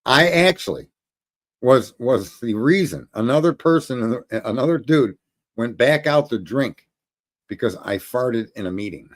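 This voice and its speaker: A man's voice: medium pitch, measured pace. A middle-aged man telling a story in a casual monologue, swearing freely and laughing often. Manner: profane, animated, laughing often. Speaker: host.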